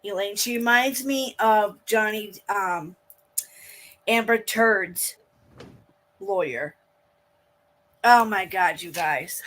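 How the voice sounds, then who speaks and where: A woman streamer in a casual livestream, reacting to a court broadcast and chatting with her viewers. She takes her time with each word and speaks at a middling pitch. Her tone is blunt, profane and indignant. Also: takes it slowly, pauses often, fairly bright tone. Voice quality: blunt and profane, with frequent swearing. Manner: indignant, venting to her chat. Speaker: livestream host.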